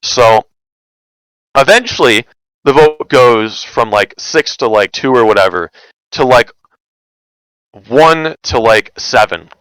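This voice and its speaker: A man's voice: medium pitch, expressive, takes it slowly, pauses often, fairly bright tone, clean tone, dry recording, low-quality recording. A man telling a long story in a casual, rambling way, full of "like" and "um", and sounding exasperated. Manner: rambling, heavy use of "like" and "um" fillers, exasperated. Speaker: vlogger recounting online community drama.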